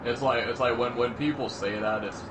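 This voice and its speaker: A man's voice: mid-range voice, steady tone, a little fast, fairly bright tone, poor audio. A man co-hosting a casual podcast chat, hesitant and rambling, full of fillers. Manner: hesitant, many fillers and restarts. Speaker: podcast co-host. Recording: audible background noise.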